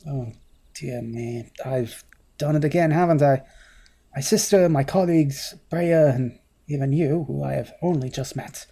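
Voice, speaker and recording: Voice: mid-range voice, unhurried, mellow, slightly rough. A gamer voicing a timid, apologetic young man from a fantasy game, stammering in formal, old-fashioned speech. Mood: flustered. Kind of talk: voice-acted game dialogue reading.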